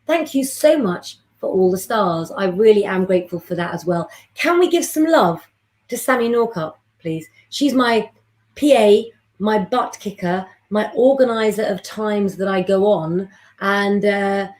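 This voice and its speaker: A woman, hosting a live astrology stream and chatting with viewers in a rambling way. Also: mid-range voice. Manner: warm, chatty, rambling, gives readings to viewers by name.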